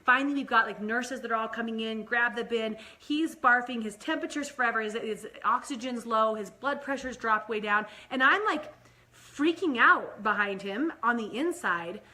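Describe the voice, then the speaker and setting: A young woman and mother talking casually to camera as a vlog host, chatty, with many "like" and "right?" fillers, her pace swinging between quick and slow. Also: fairly high pitch, bright, forceful tone.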